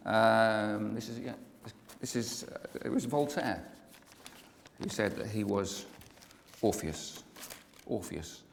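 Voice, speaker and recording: A man's voice: fairly low pitch, lively intonation, slow, vocal fry, a little hiss or hum. A man giving a live pre-concert talk, chatting and joking with the audience in between singing his poems. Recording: long hall reverb with music.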